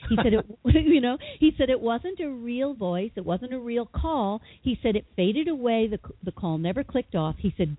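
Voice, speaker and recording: A woman guest, a psychotherapist and author, telling a personal story with lively, dramatic quoted voices in an interview. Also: on the high side, moderate pace, few pauses, breathy edge. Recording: tinny phone line.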